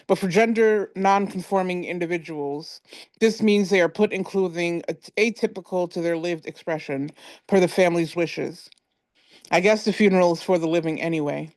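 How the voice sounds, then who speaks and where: A woman reading her own spoken word poems at an online open mic, with a measured, pointed delivery. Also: lowish voice, a little mellow, dry recording. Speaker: poet.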